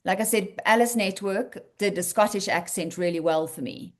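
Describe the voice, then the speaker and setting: A woman's voice: medium pitch, normal speed. A South African woman leading an online writing workshop, explaining patiently and encouragingly with plenty of fillers over a video call. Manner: explanatory, encouraging, thinks aloud with many fillers.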